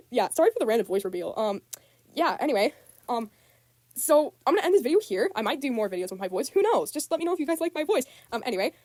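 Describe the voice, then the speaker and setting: A woman's voice: a little high, very animated, fast talker, darkish tone, no room sound. A teenage girl, upset, rambling through a casual rant to camera, repeating herself with lots of ums. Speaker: student vlogger.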